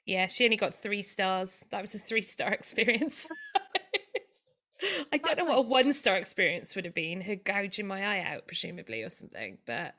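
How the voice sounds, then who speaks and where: A woman's voice: mid-range voice, sing-song, moderate pace, sharp tone. A woman hosting a comedy podcast, teasing her guests and laughing often in chatty banter.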